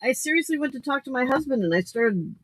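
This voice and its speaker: A woman's voice: high voice, expressive, fast talker, low-quality recording. A woman hosting a late-night crafting livestream, chatting casually and talking to herself as she works.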